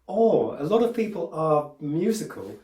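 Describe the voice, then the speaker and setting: Very animated yet unhurried, a piano teacher with a fairly high, dark-toned voice rambles through a tutorial with plenty of fillers and restarts. The recording is roomy, a bit distant and slightly noisy, with the piano audible as he plays.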